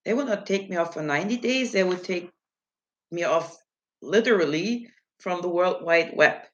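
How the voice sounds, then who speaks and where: A woman's voice: fairly low pitch, expressive, normal speed, lo-fi sound, a little hiss or hum. A woman hosting a casual livestream, rambling and laughing as she answers chat messages from her viewers. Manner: giggly, rambling, self-mocking. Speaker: livestream host.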